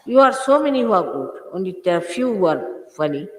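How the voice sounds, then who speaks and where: A woman's voice: medium pitch, big pitch swings, a little fast. An older woman addresses her followers in a firm, scolding tone, driving her points home by repeating them. Her voice rings through a large hall with a long, roomy reverb. The recording carries the character of an old archive tape. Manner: scolding, emphatic, repeats phrases for stress. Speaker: spiritual teacher. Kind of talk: informal spiritual talk to followers.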